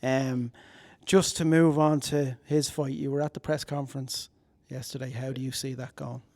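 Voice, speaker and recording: A man's voice: medium pitch, flat delivery, moderate pace, darkish tone. A male interviewer in a boxing gym, asking questions in a chatty, jokey way.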